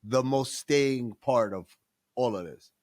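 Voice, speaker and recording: A man's voice: medium pitch, slow pace, no echo. A man co-hosting a casual podcast chat, opinionated and joking as he pokes fun at regional accents. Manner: animated, opinionated, mocks accents. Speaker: podcast co-host.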